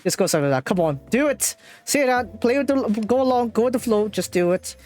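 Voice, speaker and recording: Animated woman streamer reading a game. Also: fairly high pitch, quick pace, faint music behind. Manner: playful, animated, laughs often. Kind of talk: reading and translating a visual novel live.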